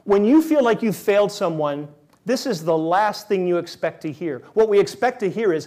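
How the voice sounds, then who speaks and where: A man's voice: sits high, expressive, moderate pace, dark tone. A man preaching a sermon as pastor, conversational and emphatic, repeating key words for stress.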